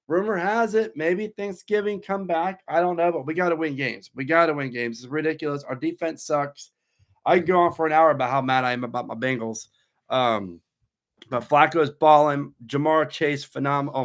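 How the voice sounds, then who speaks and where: A fairly high voice with vocal fry and a slightly bright quality belongs to this thirty-something theme park YouTuber. During a live stream he reads viewer questions aloud and gives loose, chatty answers.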